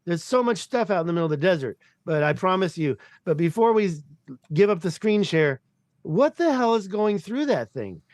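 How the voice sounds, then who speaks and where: A man from the United States talking in a rambling, excitable way as a podcast guest over a video call, swearing casually. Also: high-pitched, normal speed, no room sound.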